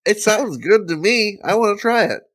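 A man's voice: sits high, lively intonation, normal speed, a bit bright, no room sound. A man in casual podcast chat, laid-back and joking, swearing now and then.

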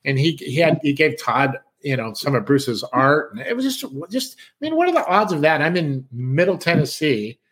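Animated, higher-voiced middle-aged storyteller man. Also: moderate pace, few pauses. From San Diego, California. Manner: animated, acts out other people's lines, swears casually, says "man" often. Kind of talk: casual storytelling chat.

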